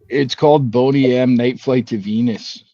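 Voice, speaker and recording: A middle-aged man from Canada co-hosting a casual podcast chat, thinking out loud and correcting himself as he goes. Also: medium pitch, dry recording. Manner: rambling, thinks aloud, self-correcting. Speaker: podcast co-host. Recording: dull, dry, lo-fi sound.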